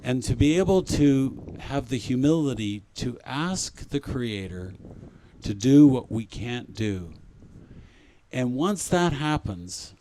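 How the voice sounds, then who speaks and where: A man giving a spiritual talk at a conference in an unhurried, gentle way. He is reflective and circles back over his own phrases. His voice sits at a middling pitch. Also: lively intonation. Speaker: conference speaker.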